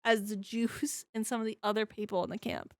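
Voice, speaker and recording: A young woman co-hosts a podcast, chatting casually and ramblingly about a book she's reviewing, peppering her speech with "like" and casual swearing. Her voice is on the high side, brisk and flat in delivery, with no echo.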